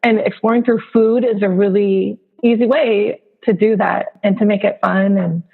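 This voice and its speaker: A woman from Hawaii in her thirties chats as a podcast guest, loose and filler-heavy. Her voice is gravelly and a bit husky. She comes through a narrow, phone-like remote line. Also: medium pitch, fairly even intonation. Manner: chatty, filler-heavy, quick to laugh. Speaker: podcast guest, food blogger. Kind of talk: casual interview chat.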